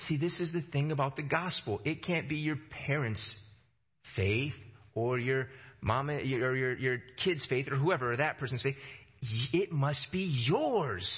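A male preacher delivering a sermon with fervor, his voice climbing to emphatic peaks before sinking low to press a point home. He often doubles words as he launches a phrase. The recording is slightly muffled and lo-fi, with a mid-range voice. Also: unhurried, husky. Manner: passionate, rising to emphatic peaks and dropping low for stress; repeats words when starting phrases.

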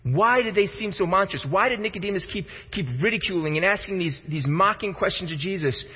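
A man's voice: high-pitched, brisk, husky. A man preaching a sermon, emphatic and repeating words as he starts his thoughts. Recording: reverberant hall, dull lo-fi sound.

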